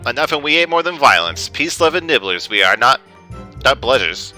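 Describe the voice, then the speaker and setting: A man's voice: mid-range voice, sing-song, moderate pace, bright, forceful tone, soft background music. A man putting on a put-on Cockney accent for a shifty thug witness who bluffs in slang.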